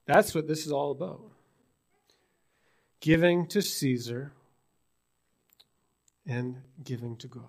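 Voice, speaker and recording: A man from British Columbia preaching a sermon in a conversational way, asking his congregation rhetorical questions. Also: fairly high pitch. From British Columbia, Canada. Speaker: pastor. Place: church in Newfoundland.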